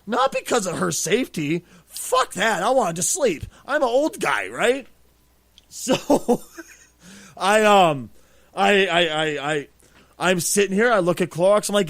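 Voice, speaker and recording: Animated, profane man telling a story. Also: high-pitched, normal speed, dry recording. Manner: profane, animated, acts out quotes. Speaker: podcast host. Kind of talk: casual storytelling.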